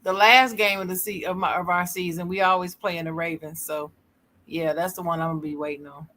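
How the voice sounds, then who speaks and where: High, bright, emphatic man. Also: fairly even intonation, fairly quick. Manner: exclaiming, emphatic. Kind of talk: casual sports chat.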